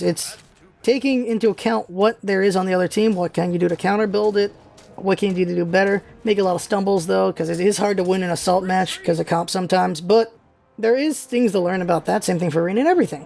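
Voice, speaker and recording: Man, vlog host, casual rambling chat, raspy fry in the voice. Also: sits high, a little mellow. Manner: rambling, loose, with many fillers and restarts.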